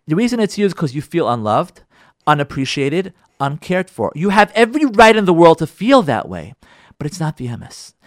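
Here a middle-aged rabbi who counsels married couples delivers a marriage lecture at normal speed, his voice on the high side. He's lively, talks directly to the listeners with repeated, emphatic points, and dramatizes couples' fights in dialogue. There's no room sound, and the studio audio is clean.

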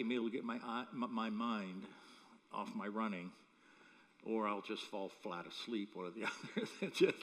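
A man's voice: lowish voice, moderate pace. A man preaching a sermon as pastor, telling humorous stories with chuckles. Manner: animated, humorous storytelling with chuckles. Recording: echoey hall.

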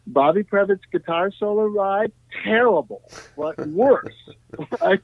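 A man, a guest musician, telling animated stories in a podcast interview, full of "you know" and "right?". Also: sits high, slow, no room sound. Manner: animated, tag questions, frequent "you know". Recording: tinny dry phone-like line.

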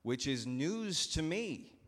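A man voicing a powerful, shrewd master who speaks slowly and deliberately, in a long church reverb. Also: a little high, big pitch swings, a bit bright, pitched above the performer's own voice, exaggerated voice. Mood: measured. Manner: slow, measured, deliberate. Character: shrewd, powerful male master, calm and wry.

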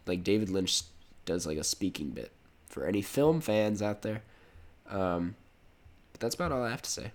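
A young man talks through a relaxed podcast episode with a cold. His voice sits a little low, and he rambles, stumbles over names and laughs easily. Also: normal speed, pauses often. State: has a cold. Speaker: podcast host. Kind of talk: casual podcast chat.

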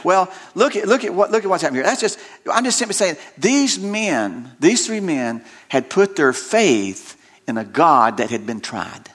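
A man's voice: a little high, big pitch swings, moderate pace, a bit bright. A male preacher delivering a sermon, retelling scripture stories dramatically and often repeating words as he restarts his sentences.

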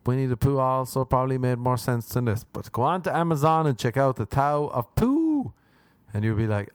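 A man's voice: lively intonation, normal speed, clear, resonant tone, no echo. An Irish man hosting a podcast alone, rambling through a comedic monologue full of swearing and self-mockery. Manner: rambling, profane, self-mocking, with sudden jumps in pitch. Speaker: podcast host. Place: Los Angeles.

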